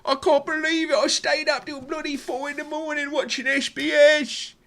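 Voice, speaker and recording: A man voicing a rowdy female football fan, yelling at the television in mockery. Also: extremely high pitch, level tone, normal speed, gravelly, voice pushed up, full character voice. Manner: yelling, chanting, mocking.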